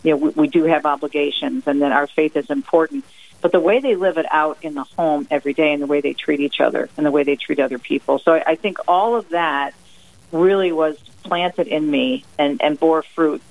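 A woman's voice: low-pitched, a little fast, creaky, narrow, tinny audio. Emphatic middle-aged woman telling stories. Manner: lively, emphatic, acts out her mother's sayings. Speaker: guest author. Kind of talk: radio interview, personal storytelling.

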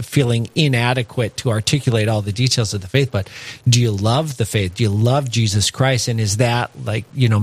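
A man, a Catholic priest, speaking earnestly and reflectively in a conversational faith discussion and telling a story with many asides. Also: medium pitch. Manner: earnest, reflective, tells stories with many "you know" asides.

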